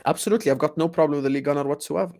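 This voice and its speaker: A man in his late twenties, a football channel host, doing a casual live Q&A with viewers. He talks in an animated way and often repeats his phrases. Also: on the high side, very fast. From grew up partly in the UAE. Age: 20s.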